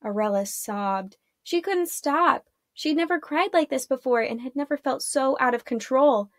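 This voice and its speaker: A teacher reading a children's chapter book aloud in a calm, clear storytelling manner. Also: female voice, high voice, moderate pace, no echo.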